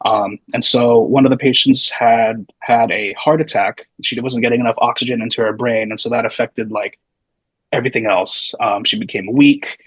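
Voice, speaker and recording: A man's voice: mid-range voice, fairly even intonation, moderate pace, a bit bright, husky, no echo, low-quality recording. A man in his thirties, a physical therapy student and podcast guest, telling stories in a loose, meandering, casual way. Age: 30s. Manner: loose, meandering, full of hedging asides. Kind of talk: casual storytelling.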